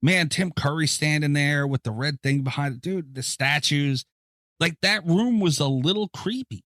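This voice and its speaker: Excitable man chatting on a podcast. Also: a little high, moderate pace, dry recording, studio quality. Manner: animated, swears freely. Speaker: podcast co-host. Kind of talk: casual chat.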